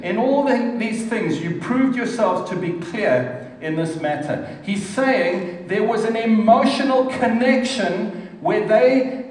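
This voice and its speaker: A middle-aged man preaching earnestly and emphatically, recorded from far off in a hall. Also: sits high. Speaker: pastor. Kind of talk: sermon. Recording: echoey hall from far off, faint noise.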